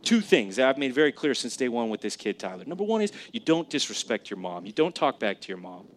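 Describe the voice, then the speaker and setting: A man's voice: mid-range voice, big pitch swings, quick pace, slight background noise. A man in his thirties preaching a sermon in church, conversational and emphatic, often asking the congregation questions. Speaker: pastor. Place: church sanctuary.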